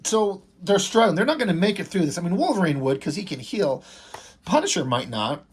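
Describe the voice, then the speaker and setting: A man's voice: high voice, big pitch swings, brisk, a little hiss or hum. A man casually reviewing a comic book, reading the dialogue aloud and swearing with enthusiasm. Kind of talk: casual comic read-through commentary.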